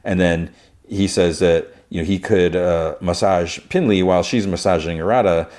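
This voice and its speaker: Male podcast host, deep voice, chatty rambling recap. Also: steady tone, moderate pace, darkish tone. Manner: rambling, retelling scenes with "he's like". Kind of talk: casual episode recap.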